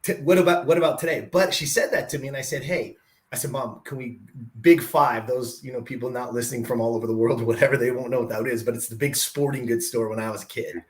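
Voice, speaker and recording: A middle-aged man hosting a podcast, telling a personal story in a lively conversational way, acting out the dialogue and often asking "right?". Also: mid-range voice, quick pace. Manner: animated, acts out quoted dialogue, says "right?" often. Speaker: podcast host.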